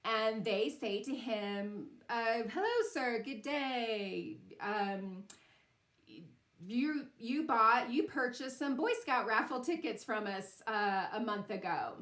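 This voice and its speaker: A woman's voice: on the high side, takes it slowly. Echoey-sounding woman telling a story. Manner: warm storytelling, laughs often, lots of fillers. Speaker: sound bath ceremony host. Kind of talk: casual spiritual talk with personal story.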